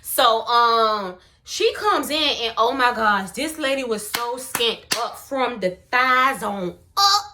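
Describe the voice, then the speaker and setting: A young woman, telling a personal story in a casual, slangy and expressive way. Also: on the high side, takes it slowly, few pauses, noisy background. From Miami, US. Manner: animated, slangy, expressive retelling.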